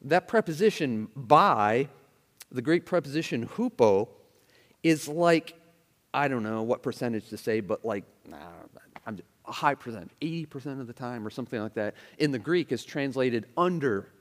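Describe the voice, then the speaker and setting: A man preaching a sermon with expressive emphasis, acting out the attitudes he quotes and adding chatty asides to his listeners. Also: medium pitch, normal speed, big-room sound. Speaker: pastor.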